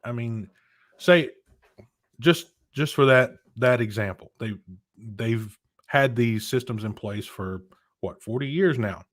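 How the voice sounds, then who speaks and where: A man co-hosting a casual chat show, rambling and animated, who rants with many restarts. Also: mid-range voice, slow pace, no echo. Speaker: podcast co-host.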